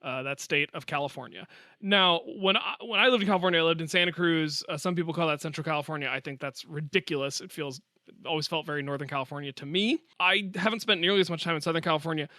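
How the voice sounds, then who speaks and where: A man's voice: on the high side, fast talker, pushed and bright, dry recording, clean studio sound. A man co-hosting a science podcast, reading a listener email aloud in a chatty, joking way. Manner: chatty, jokey, playful asides. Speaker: podcast co-host.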